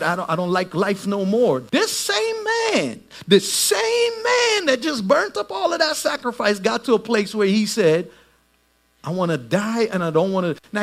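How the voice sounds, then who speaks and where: A middle-aged man preaching a sermon, swinging between shouted lines and soft asides. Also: sits high, creaky. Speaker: pastor.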